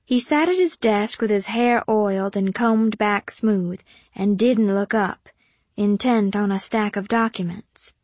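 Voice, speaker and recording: A woman's voice: medium pitch, measured pace, a little mellow, no echo. Woman audiobook narrator, poised and careful, dry close studio sound. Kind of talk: first-person audiobook narration.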